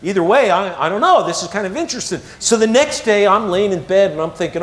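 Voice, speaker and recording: A man telling a personal story to an audience, swinging between hushed moments and excited ones. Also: high voice, fast talker, hardly any pauses. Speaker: motivational speaker.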